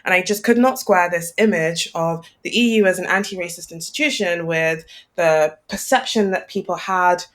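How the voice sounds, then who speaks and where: A female co-host of a political podcast discusses issues in a measured, analytical way, often checking in with "right?". Her voice is on the low side.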